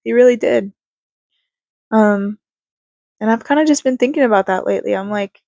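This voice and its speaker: A woman's voice: on the high side, normal speed, creaky, long pauses, mellow, dry recording, muffled recording. Young woman, casual rambling vlog talk, congested, dry close sound, fillers and little laughs. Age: young adult. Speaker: vlogger. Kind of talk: casual reflective talk to camera.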